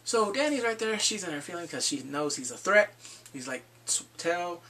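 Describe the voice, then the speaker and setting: A man casually recapping a TV episode, swearing freely and jumping into quick impressions of the characters. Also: high voice, very animated, sharp tone, recorded from a distance, slight background noise. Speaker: TV show reviewer. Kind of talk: casual spoiler recap vlog.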